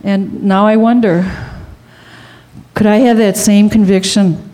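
A woman tells a personal story on stage at a storytelling night. Her voice sits at an average pitch and leaps up whenever she plays out the people in the story. She speaks in short, vivid bursts. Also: fairly even intonation, a little slow. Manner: acts out the people in her story, rising high and louder in tense moments. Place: live storytelling event at a brewery.

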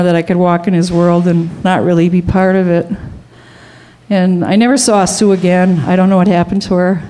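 A woman tells a story from her life at a live storytelling event. She acts out each person, and in the tense moments her voice climbs higher and louder.

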